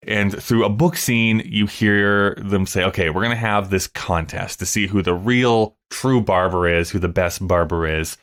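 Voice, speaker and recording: Low-voiced man hosting a podcast. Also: normal speed, hardly any pauses, a bit bright. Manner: chatty, laughs often, quotes lyrics. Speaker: podcast host. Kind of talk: casual chat about a musical.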